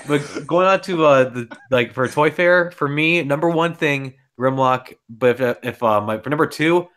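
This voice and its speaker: A man's voice: a little high, measured pace, a bit bright. Young male co-host, casual and rambly, playful. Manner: playful, rambling, many restarts. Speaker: podcast co-host. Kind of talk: casual chat.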